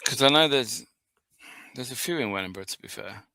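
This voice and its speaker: A man's voice: mid-range voice, lively intonation, fairly quick, pushed and bright, no echo. A man co-hosting a podcast, chatting casually and jokily, laughing often and swearing freely. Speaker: podcast co-host. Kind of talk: casual chat.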